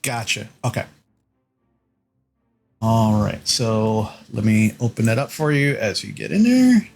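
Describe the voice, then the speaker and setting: A man running a tabletop game as dungeon master, narrating slowly with frequent fillers. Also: lowish voice, lively intonation, vocal fry, faint music behind. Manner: slow, halting narration with many fillers.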